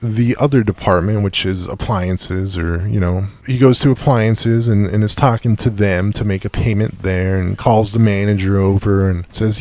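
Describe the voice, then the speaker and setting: A man's voice: on the low side, moderate pace, hardly any pauses, darkish tone, no echo. A young man telling a story to camera in a laid-back, rambling way, full of "you know" and "dude". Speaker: vlogger.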